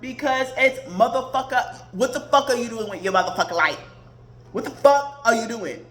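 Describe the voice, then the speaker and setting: A woman's voice: a little high, moderate pace, a bit bright. Blunt profane woman ranting, roomy echo. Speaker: podcast host. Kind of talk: casual monologue rant. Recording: roomy echoey recording.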